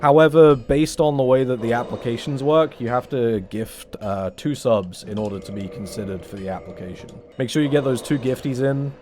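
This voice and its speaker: A man's voice: mid-range voice, normal speed, few pauses, dark tone, faint music behind. A young man streaming a game, chatting casually with his viewers in a rambling, self-mocking way and swearing often. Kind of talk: casual gameplay chat with stream chat.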